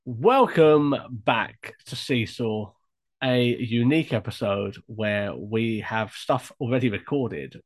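A man's voice: on the low side, a bit bright. Teasing, laughing male podcast co-host. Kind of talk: casual banter.

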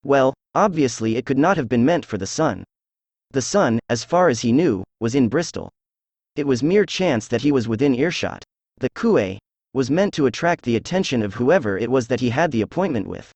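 A synthetic male voice reading a calm, precise detective. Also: mid-range voice, no echo. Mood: explaining. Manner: even, measured synthetic delivery.

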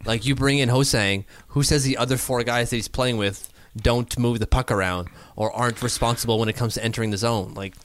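A man co-hosting a casual sports podcast, animated and quick to laugh, thinking out loud as he talks. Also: mid-range voice. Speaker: podcast co-host.

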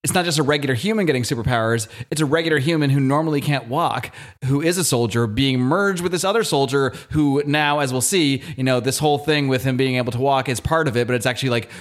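A man's voice: mid-range voice, fast, few pauses. A man co-hosting a podcast, giving casual opinions in a hesitant, stumbling way. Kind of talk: casual review chat.

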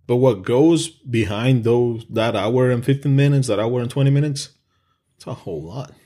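A man's voice: medium pitch, normal speed, mellow. A man co-hosting a casual podcast, speaking earnestly in a rambling way, with frequent swearing and restarts. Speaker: podcast co-host.

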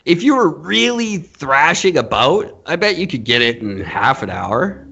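A man's voice: a little high, big pitch swings, a little slow, creaky, bright, forceful tone, breathy edge, muffled recording. A man hosting a podcast, ranting bluntly and profanely in casual talk and laughing often. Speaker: podcast host. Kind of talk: casual comedic rant.

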